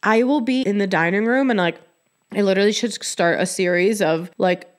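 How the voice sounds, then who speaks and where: A woman hosting her own podcast in a loose, conversational way, with "like" in almost every phrase. She sounds candid and expressive at a medium pitch, as if chatting with a friend. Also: a little fast. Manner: chatty, heavy use of "like". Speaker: podcast host. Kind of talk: casual chat.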